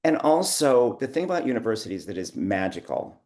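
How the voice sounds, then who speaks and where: A man's voice: mid-range voice, very animated, fairly quick, darkish tone. A middle-aged man telling long, rambling anecdotes in an interview, acting out the dialogue and breaking off to laugh. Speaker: guest, theater producer. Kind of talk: conversational interview storytelling.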